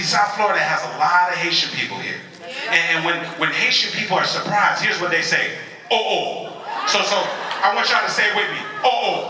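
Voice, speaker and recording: Bright-voiced male motivational speaker, echoey hall. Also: a little high, far from the mic. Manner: emphatic, leads audience call-and-response. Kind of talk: motivational speech. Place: convention hall.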